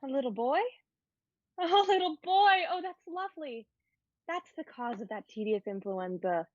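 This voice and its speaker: A woman's voice: on the high side, sing-song, measured pace, dry recording. A woman playing a pleading, giggly teenage girl. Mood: delighted. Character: curious, playful fourteen-year-old girl. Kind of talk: amateur online dramatic reading. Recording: dull lo-fi sound.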